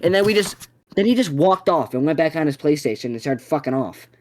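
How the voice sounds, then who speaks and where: A young adult podcast co-host telling a story in casual chat, swearing constantly and rambling with sudden excited bursts. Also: medium pitch, brisk.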